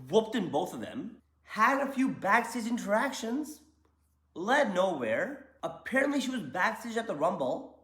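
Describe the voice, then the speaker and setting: Host, young man, high lively voice, jokey slangy wrestling takes, roomy echo. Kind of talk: casual opinion commentary.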